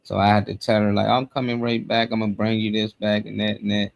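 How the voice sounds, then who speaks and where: A man co-hosting a live morning show in a relaxed, slang-heavy casual chat. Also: lowish voice, fast, gravelly, dry recording, muffled recording. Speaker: co-host.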